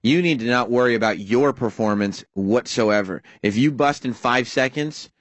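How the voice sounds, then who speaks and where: A male talk radio host at a studio microphone, joking and teasing his guests in loose, casual banter. His voice sits at an ordinary middle pitch, and the room sound is dry and close, with no echo. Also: normal speed. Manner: joking, teasing, laughs often.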